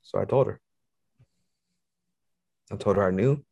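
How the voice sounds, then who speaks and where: A man's voice: lowish voice, creaky, warm tone, no room sound, dull audio. A man telling a personal story in a casual interview, swearing often and stumbling over his words. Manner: profane, rambling, halting retelling. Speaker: guest.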